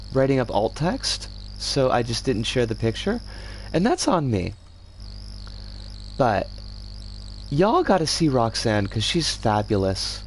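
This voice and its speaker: Laid-back streamer voice, bouncy up-and-down pitch, slow drawl, chatting with viewers and tripping over words. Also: a little mellow, a little hiss or hum. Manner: rambling, chats with viewers and reads chat aloud; self-correcting, trips over words. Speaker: game streamer. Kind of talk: casual live-stream chat while building a level.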